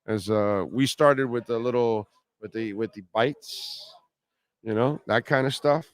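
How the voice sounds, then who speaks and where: A man's voice: medium pitch, unhurried, dry recording. A middle-aged man hosting a sports talk radio show, talking casually, bluntly and rambling, often repeating himself.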